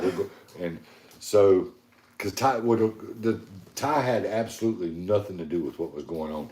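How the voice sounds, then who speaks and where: A man's voice: sits low, moderate pace, darkish tone. A middle-aged man, co-hosting a podcast and telling a long rambling story in casual, profane chat, quoting himself with many "I said"s. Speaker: podcast co-host. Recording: echoey room.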